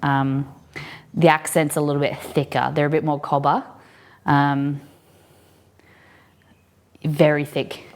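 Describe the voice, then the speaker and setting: A woman's voice: deep voice, little pitch movement, slow, long pauses. An Australian woman streaming while she cooks, chatting casually and answering viewers' comments as she goes. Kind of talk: live-stream cooking chat.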